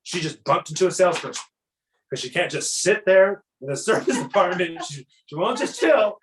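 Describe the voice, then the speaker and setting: An energetic man coaches salespeople in a loose, talkative way and slips into little acted exchanges with customers. His voice sits a bit high for a man. The sound is roomy and echoey. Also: normal speed, crowd noise. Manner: energetic, acts out customer dialogues. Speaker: sales trainer. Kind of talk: casual sales coaching talk. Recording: echoey room.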